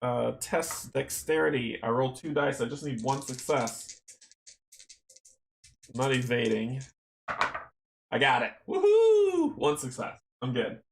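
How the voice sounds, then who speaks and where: A man talks his way through a solo board game, reading out the game text and chuckling to himself. His voice sits at an average pitch. The room around him gives it a noticeable echo. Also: fairly even intonation, unhurried, gravelly. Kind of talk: playthrough narration, reading game text aloud. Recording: roomy echo.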